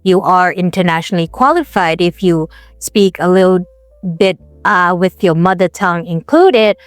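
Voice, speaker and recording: A woman's voice: fairly low pitch, moderate pace, no echo, faint music behind. A woman co-hosting a casual podcast, speaking reflectively and thinking aloud. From India. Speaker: podcast co-host. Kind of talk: casual chat.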